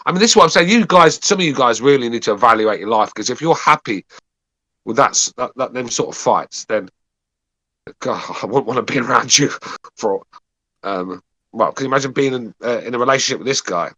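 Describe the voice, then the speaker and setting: A man's voice: medium pitch, animated, a little fast, pushed and bright, no room sound. A man co-hosting a call-in boxing podcast, grumbling and sarcastic in casual banter. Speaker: podcast co-host.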